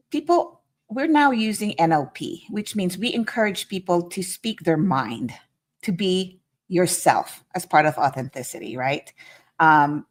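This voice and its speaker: A woman guest on a video call panel explaining an idea earnestly, with a few restarts. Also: deep voice. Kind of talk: casual panel chat.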